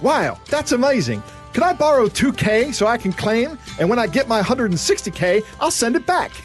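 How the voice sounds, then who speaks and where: A man voicing a chummy, gullible scam target in a put-on Australian accent, pitched high and bouncy. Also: wildly swooping pitch, a little fast, faint music behind. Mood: gushing eager.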